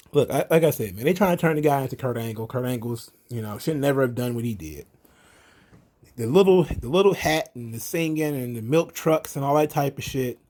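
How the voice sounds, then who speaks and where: A man's voice: mid-range voice, animated, a little fast, a little mellow. A man hosting his own wrestling commentary, rambling and swearing in an exasperated rant. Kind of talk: casual ranting commentary.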